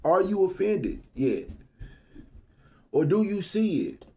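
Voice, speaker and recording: A man reads Bible verses and then drifts into joking, conversational asides. His pitch sits a little high and swings widely, and his tone stays mellow throughout. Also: sing-song, slow. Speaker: Bible reading host. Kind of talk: scripture reading with humorous commentary.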